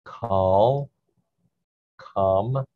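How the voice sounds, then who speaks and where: A man teaching a slow Hebrew reading lesson, patiently repeating each syllable so learners can follow. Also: fairly low pitch. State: clearing his throat. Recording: dull lo-fi sound.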